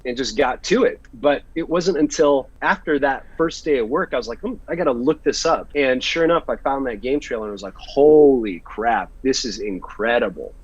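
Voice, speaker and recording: Husky-voiced American man telling stories. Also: mid-range voice, brisk, hardly any pauses, no room sound. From United States. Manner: animated storyteller, acts out quoted lines. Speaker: actor, interview guest. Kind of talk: casual interview storytelling. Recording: dull, slightly lo-fi sound.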